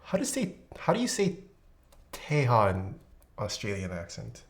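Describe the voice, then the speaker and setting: Lively woman chatting on a live stream. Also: extremely low pitch, normal speed. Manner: animated, exclamatory, laughs often. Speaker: streamer building a keyboard. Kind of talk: casual live-stream chat.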